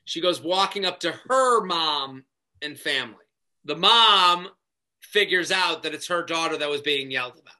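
A male comedian guest telling stories in animated, casual podcast chat, full of "like". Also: fairly high pitch, moderate pace. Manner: animated storytelling with lots of "like".

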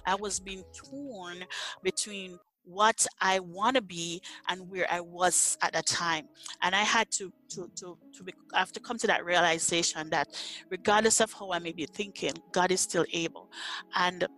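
A woman's voice: on the low side, moderate pace, sharp tone, faint music behind. A middle-aged woman from Jamaica, earnestly telling her faith story as an interview guest and often repeating words as she searches for them. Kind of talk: personal faith testimony in conversation.

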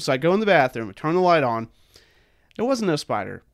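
A man's voice: a little high, expressive, a little fast, no room sound, studio quality. A young man co-hosting a podcast, telling long stories in a rambling, profane way, full of "dude" and "man". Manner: rambling, swears a lot, heavy fillers like "dude" and "man". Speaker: podcast co-host. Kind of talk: casual chat, storytelling.

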